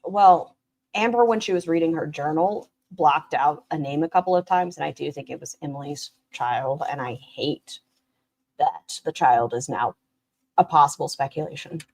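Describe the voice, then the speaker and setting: A woman reacting to clips on a stream, sarcastic and swearing freely, swinging from loud bursts to muttered asides. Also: low voice, moderate pace. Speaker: commentary streamer.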